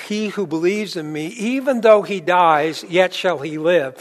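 A man preaching with a fairly high voice. He talks to the congregation in a conversational way, builds to loud, emphatic points, then sinks to a quiet, low delivery. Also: a little slow, hardly any pauses. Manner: rising to emphatic peaks, then dropping low and soft; conversational, with fillers and restarts. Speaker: pastor. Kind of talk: sermon.

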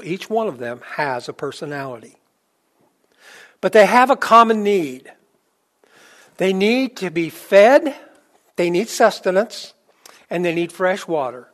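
A man preaching with a fairly high voice. He talks to the congregation in a conversational way, builds to loud, emphatic points, then sinks to a quiet, low delivery. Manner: rising to emphatic peaks, then dropping low and soft; conversational, with fillers and restarts. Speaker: pastor. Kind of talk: sermon.

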